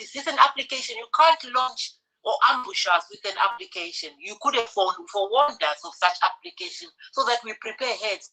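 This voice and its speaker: A woman's voice: a little high, vocal fry, sharp tone, poor audio. Exasperated woman venting on a podcast. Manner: venting, exasperated, rhetorical questions. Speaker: podcast panelist. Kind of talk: heated casual commentary.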